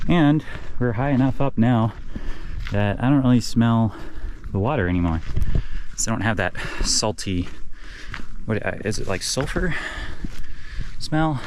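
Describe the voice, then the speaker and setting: A young man talks to his camera on a mountain trail, a little winded and getting over a cold, his voice sitting on the low side. He keeps it easygoing and jokes about himself. Steady outdoor noise runs behind him in the camera audio. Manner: easygoing, self-joking. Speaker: van life vlogger. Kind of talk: casual vlog narration while hiking.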